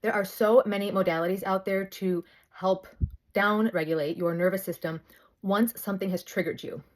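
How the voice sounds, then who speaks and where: A woman's voice: medium pitch, normal speed, slight background noise. A woman in her thirties, a bit out of breath, talking chattily into her phone, breaking off and restarting her sentences. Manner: chatty, self-interrupting, animated storytelling. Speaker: host. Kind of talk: casual talk to camera. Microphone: phone held close.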